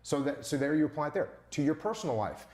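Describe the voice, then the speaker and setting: A man's voice: fairly high pitch, animated, fast, darkish tone, reverberant. Emphatic man with punchy rhetorical questions. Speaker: interview guest. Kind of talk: emphatic interview storytelling.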